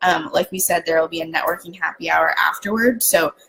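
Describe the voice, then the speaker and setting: A woman's voice: sits low, brisk, vocal fry, a bit bright, rough recording. A woman co-hosting a podcast live stream, talking in an upbeat, encouraging way to viewers. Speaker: podcast co-host. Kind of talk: casual live-stream chat.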